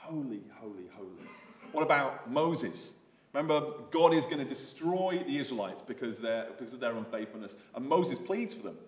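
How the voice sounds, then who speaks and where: A man giving a sermon as a visiting preacher, casual and animated, with many fillers and restarts. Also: mid-range voice, moderate pace, roomy sound.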